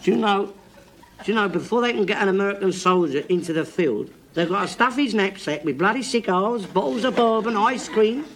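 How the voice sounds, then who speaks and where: An actor playing a blustering, bigoted older working-class man who lectures loudly and swears constantly. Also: high voice, lively intonation, a little fast. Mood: lecturing. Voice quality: loud, hectoring, swears constantly. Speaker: sitcom character. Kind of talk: 1970s sitcom acting. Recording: studio audience laughter and hiss.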